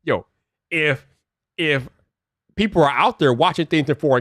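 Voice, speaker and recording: A man's voice: a little high, expressive, moderate pace, dry recording. Slangy, rambling man in a dry close-mic sound. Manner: slangy and talkative, stumbling over repeated words; grows exasperated when the comments glitch. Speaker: tech live streamer. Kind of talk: casual live-stream chat reacting to comments.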